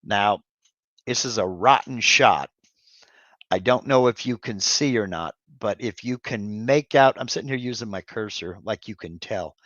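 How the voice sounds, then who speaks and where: A man's voice: on the low side, unhurried, a bit bright, no room sound, dull audio. A man hosting a live Q&A stream, answering viewer questions off the cuff with many fillers and restarts. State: has hiccups.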